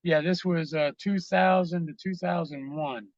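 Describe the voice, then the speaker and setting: A man's voice: fairly high pitch, fairly even intonation, unhurried, no room sound, dull audio. A man, a podcast guest, telling rambling, profane stories full of fillers in a casual interview.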